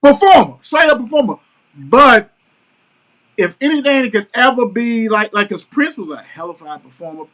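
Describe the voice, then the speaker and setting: Male talk-show host, high bright voice, blunt and slangy, swears a lot. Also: lively intonation, normal speed. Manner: blunt, slangy and emphatic, with frequent profanity. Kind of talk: casual sports-talk chat.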